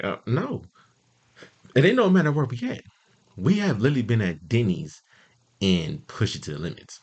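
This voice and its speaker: A man with a low voice tells casual, profanity-laced stories to the listener. He talks loosely, with lots of fillers, and keeps an animated energy. His pitch leaps far up when he acts out his friends. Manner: jumps much higher when quoting friends. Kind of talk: casual storytelling monologue.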